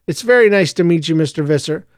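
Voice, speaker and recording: A gentle, attentive mother, as a man reads her, soft-spoken and courteous. Smooth, close, dry sound. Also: on the high side, animated, fast, dry recording, natural voice. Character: caring middle-aged mother.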